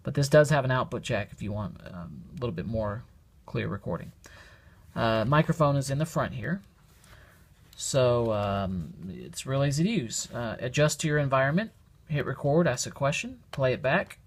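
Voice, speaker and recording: A man's voice: mid-range voice, sing-song, moderate pace. A man giving a casual how-to demonstration, explaining each step plainly and thinking aloud. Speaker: product demonstrator. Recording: very noisy home recording.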